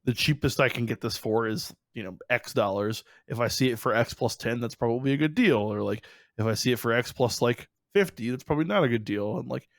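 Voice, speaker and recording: A man's voice: medium pitch, brisk, gravelly, dry recording, studio quality. A young man with an Ohio accent co-hosting a podcast, chatting in a rambling, upbeat way with plenty of fillers. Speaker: podcast co-host. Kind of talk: casual podcast chat.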